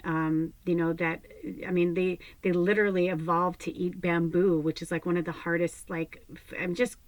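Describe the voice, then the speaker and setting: Woman medium host; rambling, candid, profane chat with laughs; lowish voice, dry close sound. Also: little pitch movement, moderate pace, no echo, poor audio. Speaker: spiritual medium, channel host. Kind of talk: casual talk to viewers.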